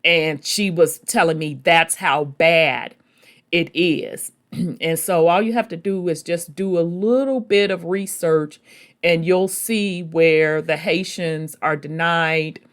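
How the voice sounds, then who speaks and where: A woman's voice: fairly low pitch, steady tone, slow pace. A woman hosting a podcast, telling a story in a chatty, folksy way and calling her listeners baby and y'all. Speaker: podcast host. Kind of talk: casual storytelling talk.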